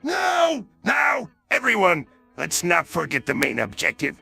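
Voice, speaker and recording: A synthetic male voice imitating a gravelly, bossy old cartoon crab who runs a restaurant. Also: medium pitch, wildly swooping pitch, unhurried, bright, forceful tone, faint music behind, exaggerated voice. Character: gruff old male crab boss, penny-pinching.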